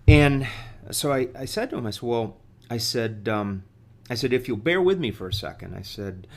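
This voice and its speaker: A middle-aged man telling a story as a podcast guest, halting and full of fillers and restarts. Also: medium pitch, animated. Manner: halting, many fillers and repeated words. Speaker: guest executive.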